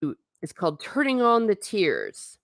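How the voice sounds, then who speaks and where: A woman's voice: mid-range voice, huge pitch swings, unhurried, no echo, studio quality. A young adult woman hosting a casual livestream, rambling and chatting as she reacts to her viewers' comments. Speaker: livestream host reading chat.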